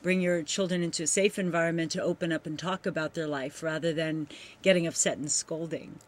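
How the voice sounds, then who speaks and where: A man's voice: fairly high pitch, steady tone, fairly quick. A man hosting a TV interview, summing up the guest's point in an affirming way. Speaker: TV show host.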